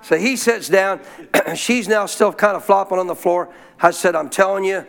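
A male pastor telling a story in a sermon, folksy and animated, often clearing his throat. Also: sits high, moderate pace.

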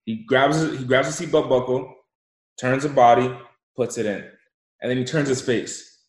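A man telling an animated story and giving motivational talk as an interview guest, repeating himself for emphasis. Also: mid-range voice, moderate pace, roomy sound, rough recording. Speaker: guest, entrepreneur.

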